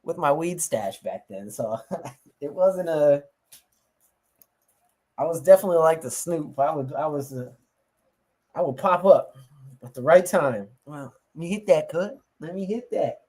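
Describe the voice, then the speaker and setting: A man's voice: on the high side, animated, unhurried, long pauses, dark tone, breathy edge. A man hosting a fantasy football watch party, talking casually, profanely and jokingly with a friend.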